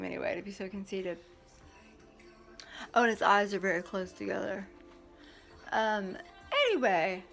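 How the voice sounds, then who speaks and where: A woman's voice: medium pitch, gravelly. A woman telling a long story in a casual vlog, rambling and profane, often acting out what others said. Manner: rambling, heated, profane, quotes others in dialogue. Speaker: parent recounting a custody court hearing.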